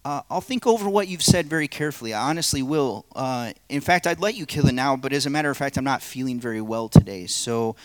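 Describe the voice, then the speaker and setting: A man's voice: medium pitch, lively intonation, fast talker, hardly any pauses, noisy background, voice pushed up, close to an everyday voice. A male pastor acting a nervous, evasive man who stammers and makes excuses. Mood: nervous pleading. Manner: pleading, stammering, making excuses.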